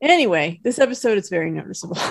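A woman's voice: medium pitch, sing-song, brisk, gravelly, breathy edge, dry recording, studio quality. A woman co-hosting a podcast, chatting casually about a cartoon episode and laughing often. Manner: chatty and giggly. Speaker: podcast co-host. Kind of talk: casual chat.

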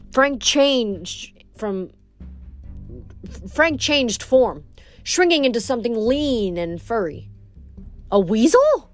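A woman reading a novel aloud, with occasional stumbles and self-corrections. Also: fairly high pitch. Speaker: audiobook reader.

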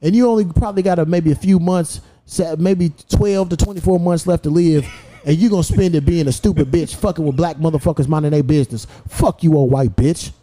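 A man's voice: fairly high pitch, quick pace, warm tone. A young adult man hosting a podcast, telling a story in a profane, heated way with laughs. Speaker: podcast host. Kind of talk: casual storytelling chat.

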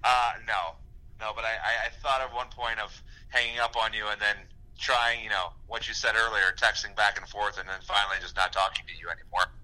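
A man's voice: on the low side, steady tone, a little fast, sharp tone. A man chatting casually over a phone call while pacing around, rambling and laughing easily. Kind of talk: casual chat.

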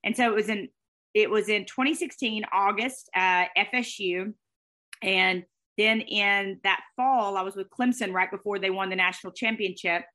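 A middle-aged woman, a guest telling her story in an expressive, fast way. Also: mid-range voice. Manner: fast, expressive, with faith talk and laughter. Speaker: guest, speaker and former sportscaster. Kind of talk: animated storytelling interview.

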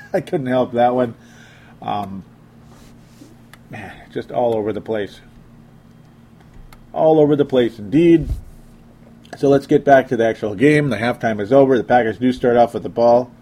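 Animated male sports podcast host. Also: mid-range voice, normal speed, a little hiss or hum. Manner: animated, joking, reads comments aloud. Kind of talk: casual sports talk show, reading listener tweets.

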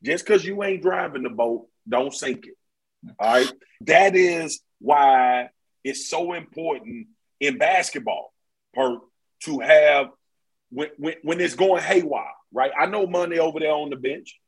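Husky-voiced man in animated sports talk. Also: fairly high pitch, measured pace, poor audio. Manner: animated, slangy, emphatic. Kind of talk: casual sports chat.

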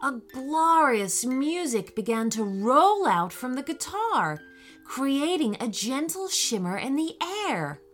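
A woman narrating a children's story in a slow, expressive reading style. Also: high-pitched, soft background music.

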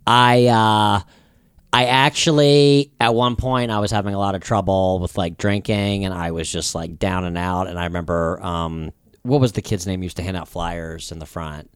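Male comic guest, lowish voice, dry close sound, rambling swear-filled anecdotes. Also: fairly even intonation, moderate pace, smooth, dry recording. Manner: rambling, profane storytelling with restarts. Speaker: stand-up comedian guest. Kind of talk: casual podcast chat.

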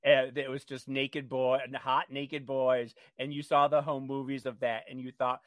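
A man co-hosting a radio talk show, animated and campy, joking his way through the news. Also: medium pitch, normal speed, no room sound. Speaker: radio co-host. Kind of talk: casual chat.

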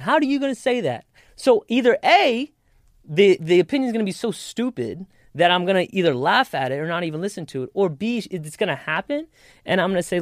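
A man talking on a podcast with a slightly raised pitch, driving his points home in an animated, swearing, motivational way. His voice is close and dry with no room sound, and he delivers it all as casual chat among friends. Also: a little fast, no room sound. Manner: animated, profane, motivational pep talk.

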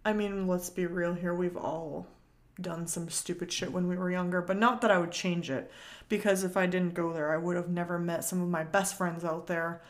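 A woman's voice: lowish voice, level tone, normal speed. A woman in her twenties from Massachusetts, hosting her own podcast in a casual, chatty way, with lots of fillers and casual swearing. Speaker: podcast host. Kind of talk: casual solo podcast chat.

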